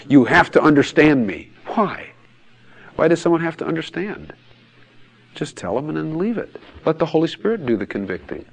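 A man preaching in a blunt, emphatic way, often laughing and acting out quotes in other voices. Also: medium pitch. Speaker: pastor. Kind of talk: sermon-style teaching talk.

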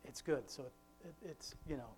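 A father leading an informal family devotion, talking in a rambling, conversational way with many restarts, and slowing down to quote scripture with emphasis. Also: mid-range voice, a little mellow, faint music behind.

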